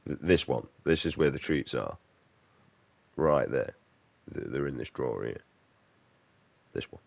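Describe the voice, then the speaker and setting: A man voicing his sulky male pet dog, grumbling flatly and petulantly. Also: rumbling low, unhurried, vocal fry, no echo, exaggerated voice. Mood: insistent.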